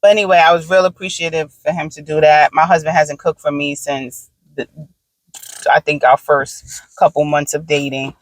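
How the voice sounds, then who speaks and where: A woman in her thirties, talking casually to her viewers from inside a car, animated and frank with swearing, swinging from exasperated rants to easy storytelling. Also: sits low, moderate pace, no room sound, poor audio. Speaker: vlogger.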